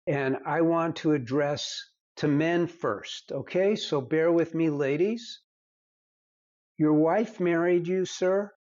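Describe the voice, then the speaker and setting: A man's voice: fairly high pitch, slow pace, darkish tone, highs cut off. A man giving marriage advice straight to the camera, lecturing in an earnest, emphatic way. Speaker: marriage counselor. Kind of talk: direct-to-camera advice talk.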